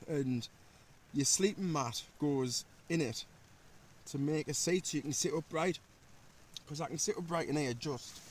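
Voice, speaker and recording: A man, chatting casually in a small tent while wild camping and telling animated anecdotes in local slang. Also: on the high side, slight background noise. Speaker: vlogger. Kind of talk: casual chat and storytelling.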